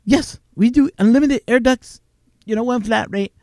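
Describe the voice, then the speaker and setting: A man voicing an eager male phone salesman for a duct-cleaning service, giving an overly cheerful sales pitch. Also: moderate pace, darkish tone, no echo, studio quality.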